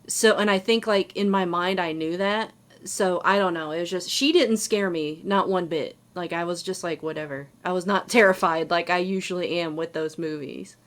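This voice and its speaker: A woman co-hosting a podcast, telling a personal story in a casual, animated way with lots of fillers. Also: mid-range voice. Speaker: podcast co-host.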